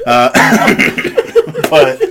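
A young man co-hosting a casual podcast chat, telling animated stories and acting out the voices of the people in them. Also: very high voice, extremely slow, vocal fry, crowd noise. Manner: animated storyteller, acts out quoted voices. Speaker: podcast co-host.

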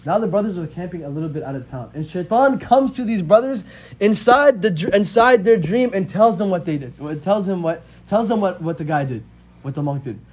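A man's voice: high-pitched, lively intonation, a little fast, a little mellow. A man in his twenties telling a religious story in a casual, conversational way and often asking "right?". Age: 20s. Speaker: religious teacher. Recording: dull lo-fi audio with faint hiss.

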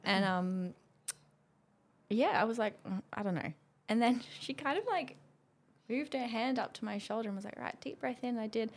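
Guesting on a podcast, a woman in her twenties tells a story in a casual chat, acting out quotes with plenty of laughter. She speaks at a moderate pace with frequent pauses in a fairly high voice.

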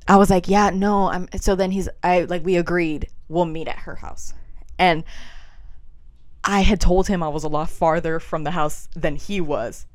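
A young woman co-hosts a casual chat podcast, recounting a story in a lower-pitched voice. She laughs often and fills her talk with "like". The sound is dry and close. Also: steady tone, moderate pace, no echo. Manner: storytelling with frequent laughs and "like" fillers. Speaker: podcast co-host. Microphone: webcam or camera in a room.

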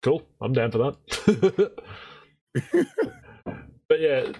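A man's voice: medium pitch, extremely slow, husky. A man telling a story on a podcast, swearing freely and acting out what people said. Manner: swearing, animated, acts out quoted voices. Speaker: podcast co-host. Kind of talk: casual storytelling chat.

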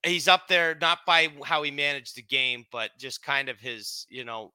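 A man's voice: medium pitch, moderate pace, bright, forceful tone, smooth, dry recording. A Canadian man co-hosting a sports podcast in easygoing chat, rambling and restarting his sentences. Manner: rambling, self-interrupting, chummy. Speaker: podcast co-host.

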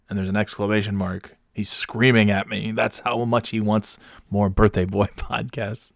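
A man hosting his own podcast, rambling through his stories with self-mocking jokes and casual swearing. His voice sits at an ordinary pitch and sounds dry and close to the mic, with faint music underneath. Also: flat delivery, moderate pace, gravelly, no echo. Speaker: podcast host. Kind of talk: casual comedic storytelling.

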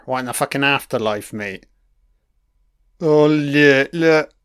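Slow, smooth-voiced swearing film commentator. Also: male voice, medium pitch, sharp tone, no echo, clean studio sound. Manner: crude, mocking, heavy swearing. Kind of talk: profane running film commentary.

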